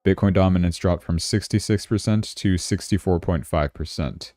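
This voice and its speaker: Low-voiced man hosting a crypto livestream. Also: normal speed, darkish tone, no echo, studio quality. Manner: thinks aloud while checking charts, chatty. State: yawning, tired. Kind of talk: casual livestream commentary.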